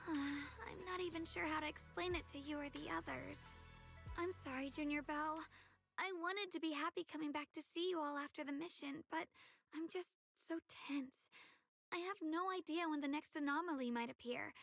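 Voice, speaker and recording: A young female sword fighter talks in a high, youthful voice. She sounds earnest and a little on edge. Game music plays clearly behind her. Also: a bit bright. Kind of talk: video game character dialogue.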